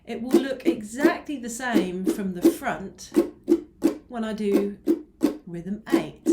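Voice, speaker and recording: A woman's voice: mid-range voice, takes it slowly, loud music behind the voice. Patient woman teaching ukulele. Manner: patient, counts beats aloud while strumming. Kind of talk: online music lesson. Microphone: mic close by, teacher moves nearer. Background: ukulele strumming.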